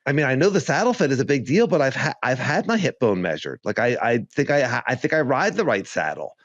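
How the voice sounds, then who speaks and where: A man's voice: medium pitch, sing-song, fast talker, dry recording, muffled recording. A man co-hosting a podcast in casual chat, rambling and joking with frequent laughs. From Arizona. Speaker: podcast co-host.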